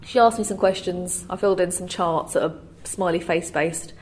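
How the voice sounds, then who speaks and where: A young woman telling her own story to camera in a lively way, acting out what other people said. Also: fairly low pitch, moderate pace, a little hiss or hum. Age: young adult.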